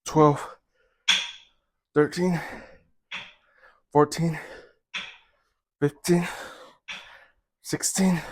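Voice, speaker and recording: A man's voice: a little high, a little hiss or hum. A man recording a workout vlog, out of breath, counting his reps aloud with strained grunts in between. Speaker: vlogger. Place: gym, indoors.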